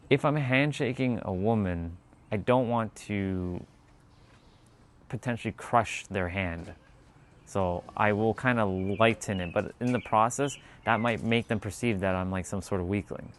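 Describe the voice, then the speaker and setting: Guy rambling on a stream, lots of likes and ums, low voice, bit of birds and outdoor noise behind. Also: moderate pace. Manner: rambling, filler-heavy, laughs easily. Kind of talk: casual chat, reading viewer comments.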